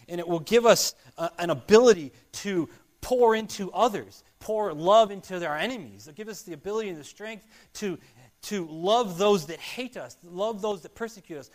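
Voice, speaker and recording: Man, pastor, sermon, earnest, repetitive, fairly high voice. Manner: earnest, repetitive, rising and falling loudness.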